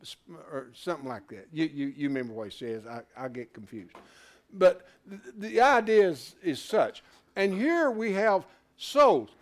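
A man teaches scripture to a small class in a loose, interactive sermon. His voice sits high and rides wide swings in pitch as he jokes, quizzes his listeners and builds his points in a folksy way. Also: moderate pace. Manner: animated, folksy, questions the class. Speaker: Bible study teacher.

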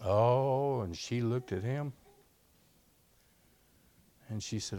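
A man preaching a sermon, moving between quiet storytelling and loud, emphatic bursts. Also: medium pitch, extremely slow, long pauses. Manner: emphatic, swings from soft storytelling to loud exclamations.

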